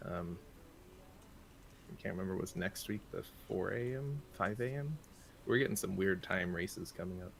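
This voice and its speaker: A man co-hosting a gaming morning show, reading the day's game releases briskly and making playful asides. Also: low voice, animated, creaky, slight background noise. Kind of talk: casual morning show banter.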